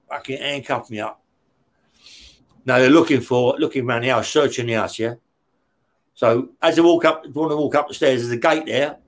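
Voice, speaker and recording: A man telling stories as an interview guest, blunt and rough-spoken, swearing heavily and tagging his lines with "yeah?". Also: medium pitch. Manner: heavy swearing, frequent "yeah?" tag questions. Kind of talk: casual storytelling.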